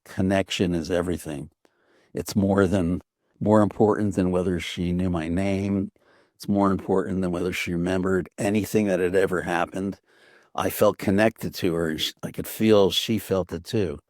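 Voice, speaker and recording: A man's voice: low-pitched, steady tone, moderate pace, darkish tone, dry recording, clean studio sound. An older man, an author guest, telling a story in an earnest, reflective way, with frequent restarts. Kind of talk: reflective conversation.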